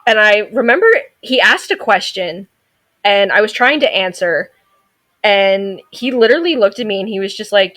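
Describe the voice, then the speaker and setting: A woman's voice: medium pitch, expressive, moderate pace, fairly bright tone. A woman in her thirties, a veterinary technician, telling stories as a guest on a casual podcast in a sassy, outspoken way. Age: 30s. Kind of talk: casual interview chat.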